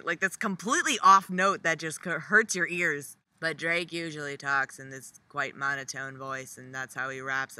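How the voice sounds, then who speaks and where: A young woman vlogger delivering a profane, sarcastic comedic rant, jumping high for mocking asides. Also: normal speed, few pauses, sharp tone. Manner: sarcastic, profane, jumpy pitch for mock quotes.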